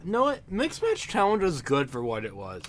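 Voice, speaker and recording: A man's voice: fairly high pitch, wildly swooping pitch, fairly quick, fairly bright tone. A young man co-hosting a casual chat, often restarting and repeating words as he thinks. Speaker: podcast co-host.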